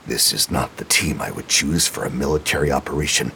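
A man voicing a gruff, blunt admiral in an audio drama who grumbles. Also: rumbling low, brisk, sharp tone, slight background noise, voice pushed down, full character voice.

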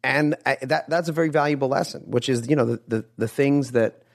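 A man's voice: mid-range voice, a little fast, vocal fry. Man telling stories on a podcast. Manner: animated storyteller, acts out quoted lines. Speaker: podcast guest, actor. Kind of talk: casual interview chat.

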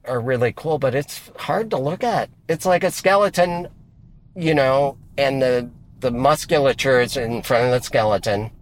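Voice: medium pitch, moderate pace, slight background noise, poor audio. A person chatting casually on a comedy podcast, playful and laughing, riffing into silly bits. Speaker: podcast co-host or guest.

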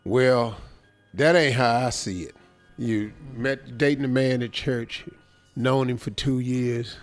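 A man's voice: medium pitch, slow pace, soft background music. A man hosting a radio show, reading out a listener's letter and teasing it with comic commentary. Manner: playful, teasing, breaks into laughter.

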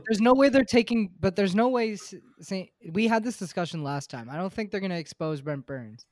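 A man chatting casually on a sports podcast, excitable and jokey, often trailing off quietly. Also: sits high, fairly quick, no room sound, studio quality. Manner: excitable, jokey, drifts quiet at line ends. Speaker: podcast co-host.

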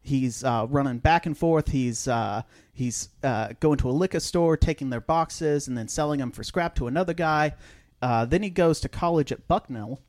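A man's voice: medium pitch, normal speed, a little mellow, no room sound, clean studio sound. A man on a comedy podcast retelling a book in a put-on Italian American accent, full of fillers and asides. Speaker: podcast host. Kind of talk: casual comedic book discussion.

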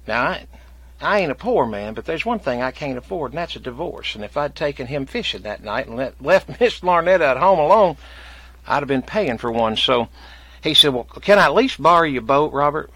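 A man spins a comic yarn in a folksy rural drawl, taking on the voice of each person in the tale. His voice is bright and forceful. The sound is dry and close to the mic. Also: a little high, lively intonation, brisk, husky, dry recording. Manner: drawling rural dialect, acts out both sides of his stories. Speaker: guest storyteller.

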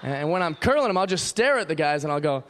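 High-voiced man doing stand-up. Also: big pitch swings, fast talker, fairly bright tone, slight background noise. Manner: chatty, observational, acting out gym-goers. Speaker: stand-up comedian. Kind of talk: stand-up comedy set.

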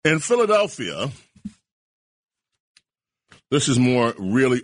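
Husky, indignant male talk radio host. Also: medium pitch, animated, measured pace, fairly bright tone, dry recording, clean studio sound. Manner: sarcastic, indignant, preachy. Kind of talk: opinionated talk radio monologue.

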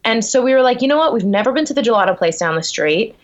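A young woman telling a story in a casual interview at home, animated, acting out her own reactions. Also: fairly high pitch, quick pace, muffled recording. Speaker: guest. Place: at home, on the floor. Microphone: video call.

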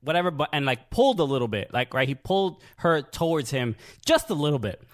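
Male podcast co-host, voice a bit high, earnest, stop-start delivery. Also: very animated. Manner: halting, many restarts, earnest. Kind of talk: casual comedic chat.

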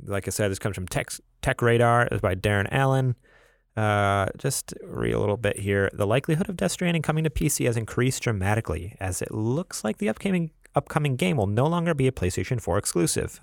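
A man's voice: on the low side, gravelly, no room sound, studio quality. A man co-hosting a casual podcast, rambling and laughing, with many fillers. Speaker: podcast co-host. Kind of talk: casual chat.

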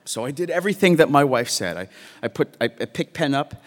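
A man telling a personal story on stage, halting and repeating words, often laughing as he speaks. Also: medium pitch, animated, long reverb tail.

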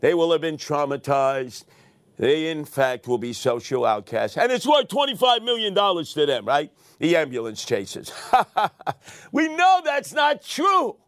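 A sarcastic older New man rants solo into a close mic, his fairly high voice leaping wildly between low grumbles and loud outbursts. The sound is bone-dry, with no room around it. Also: animated, a little slow, dry recording. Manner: sarcastic, theatrical, swings between muttering and shouting. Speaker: radio commentary host. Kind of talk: opinionated monologue.

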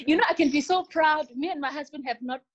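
A woman's voice: sits high, lo-fi sound. A woman co-hosting a podcast in casual chat, playful and teasing. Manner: playful, teasing, laughs often. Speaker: podcast co-host.

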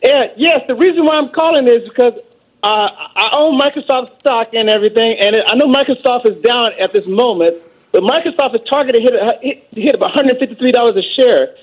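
A man's voice: very high-pitched, a little fast, breathy edge. Eager male caller on a tinny phone line. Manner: eager, stumbling over words. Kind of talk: phone-in question.

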